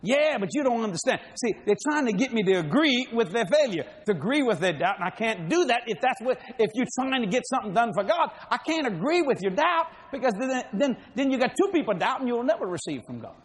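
A man's voice: extremely high pitch, sing-song, fairly quick, hardly any pauses. A man preaching a sermon, telling funny stories in a folksy way and laughing between lines. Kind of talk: humorous sermon storytelling.

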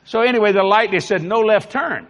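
Preacher, male, New Orleans accent, bright emphatic voice, folksy storytelling in a reverberant hall. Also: high-pitched, brisk, dull audio. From New Orleans, Louisiana. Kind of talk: storytelling sermon.

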